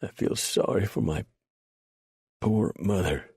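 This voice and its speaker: A man's voice: deep voice, slow pace, a little mellow, breathy edge, no echo, clean studio sound, voice pushed up, exaggerated voice. A man voicing a wounded, dying male outlaw, bitter and gasping out his words. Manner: gasping, faint.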